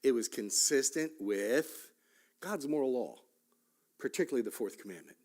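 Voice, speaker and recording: A man's voice: mid-range voice, lively intonation, moderate pace, darkish tone. A man teaching a Sunday school class at church, talking conversationally with joking asides and frequent checks like "right?" and "okay?".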